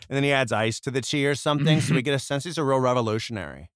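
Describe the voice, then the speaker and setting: A man co-hosting a comedy podcast, joking and pitching ideas in a playful way. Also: rapid-fire, no echo, clean studio sound. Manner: playful, hums and does joke voices. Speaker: podcast co-host. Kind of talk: comedic banter.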